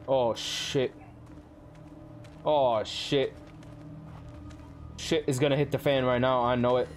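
A man's voice: medium pitch, fairly even intonation, slow pace, faint music behind. A male streamer giving live commentary on a horror game, jumpy and swearing a lot while talking to his chat.

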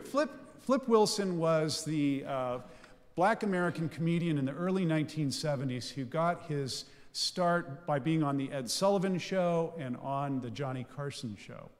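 A man in his fifties, a pastor preaching a sermon in a church, reading scripture slowly and explaining it in an unhurried teaching tone. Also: a little high. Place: church sanctuary. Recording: long reverb of a church hall.

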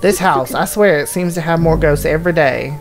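Woman doing a folksy old professor, Southern drawl, creaky voice, low-pitched, game music behind. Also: moderate pace. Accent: put-on Southern drawl. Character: old male professor ghost hunter, folksy.

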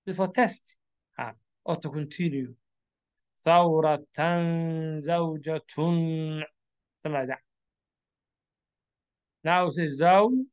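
A man with a Somali accent teaching Quran reading, slowly spelling out letters and drawing out each syllable as he repeats it. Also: fairly high pitch, animated. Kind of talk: slow classroom instruction.

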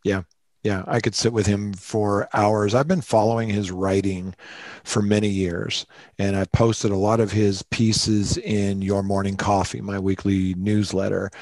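A man hosting a podcast, enthusiastic and warm, often repeating words as he starts a sentence. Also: lowish voice, flat delivery, measured pace, no echo. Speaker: podcast host. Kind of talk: casual podcast chat.

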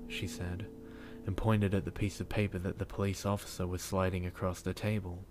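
Deep-voiced man narrating a horror story. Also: level tone, moderate pace, over music.

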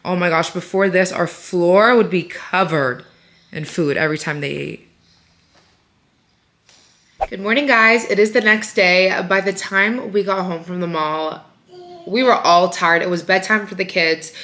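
A woman's voice: on the low side, measured pace, a bit bright. A young woman vlogging about her day as a mother, chatting casually with lots of "like" and "you guys", her voice nasal from a cold. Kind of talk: casual vlog chat. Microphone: handheld compact camera.

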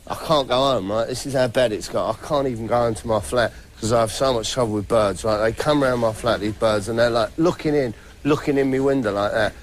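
Rambling British comedy host, fairly high voice. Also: male voice. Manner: rambling, chatty, laughs between bits. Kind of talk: deadpan stand-up monologue to camera. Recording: clear background noise.

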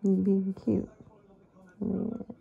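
A woman's voice: mid-range voice, monotone, extremely slow, gravelly, husky, phone-quality sound. A woman, vlogging while talking baby talk to her pets. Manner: cooing baby talk to animals. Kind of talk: casual chat with pets.

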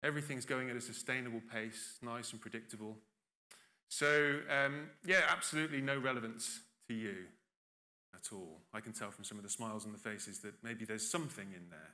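Keynote speaker, male, bright forceful voice, conversational with dry ironic asides. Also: mid-range voice, fairly quick. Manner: chatty and self-deprecating, with dry irony. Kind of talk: conference keynote talk. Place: conference hall stage.

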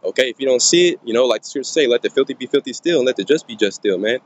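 A man preaching informally into his phone, reading scripture slowly and haltingly, then riffing in a rough, profane way that fills every pause with "man" and "you know". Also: mid-range voice, animated, lo-fi sound. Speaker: street preacher. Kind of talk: informal scripture teaching monologue.

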